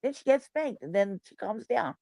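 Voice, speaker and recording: A woman's voice: medium pitch, moderate pace, creaky, dry recording. A woman hosting a casual livestream chat, swearing freely and telling stories with lots of animation. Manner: profane, animated storytelling. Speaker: show host.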